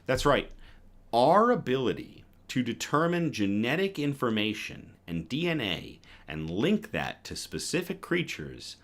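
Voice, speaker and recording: A man hosting a news livestream, reading stories aloud and chatting with viewers between them in a lively, self-correcting way. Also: medium pitch, measured pace. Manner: lively, reads chat comments aloud and self-corrects with a laugh. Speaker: news show host.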